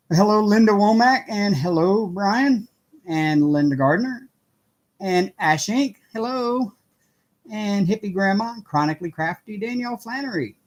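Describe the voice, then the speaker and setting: A middle-aged man hosting a casual craft livestream from home, chatting with viewers, greeting them by name and laughing often. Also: sits high. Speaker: livestream host.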